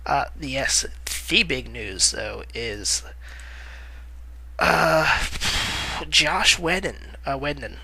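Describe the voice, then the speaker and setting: Bright-voiced man rambling casually on camera. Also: medium pitch, drawn-out words, vocal fry, breathy edge, no echo, poor audio. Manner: rambling, frequent "uh" fillers, self-correcting. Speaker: movie news vlogger. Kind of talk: casual commentary.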